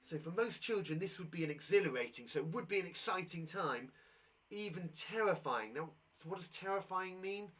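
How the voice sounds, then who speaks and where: A man with a British English accent teaching a live online lesson for primary school children, talking straight to the kids at home and reading a story aloud slowly. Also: high-pitched, distant mic. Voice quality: husky, animated.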